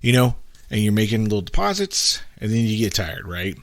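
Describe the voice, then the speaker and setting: With big pitch swings and a brisk pace, a middle-aged man's fairly low voice carries a casual, reflective podcast monologue. He conversationally drops frequent "right?" asides and performs quotes, recorded with no room sound.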